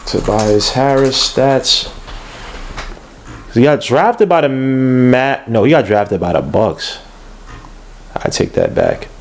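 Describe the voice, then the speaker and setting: A man hosting a casual sports podcast, talking loosely and excitedly, swearing and checking stats on air. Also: medium pitch, a little slow, long pauses. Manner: loose and animated, swears, looks things up on air. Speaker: podcast host.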